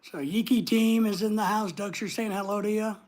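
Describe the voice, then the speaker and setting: A man's voice: high voice, fairly even intonation, normal speed, a little mellow. A man with a neutral American accent hosts a casual livestream, rambling as he reads viewer comments aloud and answers them. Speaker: livestream host.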